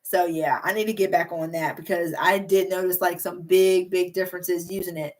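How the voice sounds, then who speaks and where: A woman's voice: lowish voice, level tone, moderate pace. A young woman YouTuber chatting casually on a livestream, reading viewer comments in a bubbly, rambling way with plenty of filler words. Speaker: beauty and hair YouTuber.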